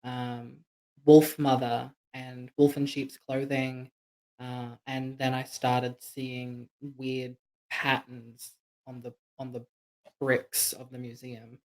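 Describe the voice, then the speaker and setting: A man playing a character in a tabletop game, speaking hesitantly and haltingly. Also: medium pitch, completely flat delivery, poor audio. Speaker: player.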